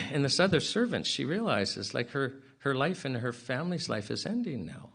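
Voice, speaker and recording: A man speaking at a public inquiry, retelling a parable in an earnest, plain-spoken way with casual asides, and often clearing his throat between phrases. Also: medium pitch, big pitch swings, normal speed, a bit bright.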